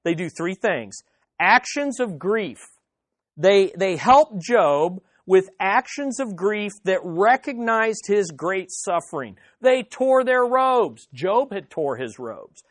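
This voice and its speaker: A man's voice: sits high, sing-song, slow pace, no room sound. Emphatic preacher man, dry sound. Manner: emphatic, repeats key phrases, swings between loud and hushed; addresses listeners directly. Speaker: pastor. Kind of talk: sermon.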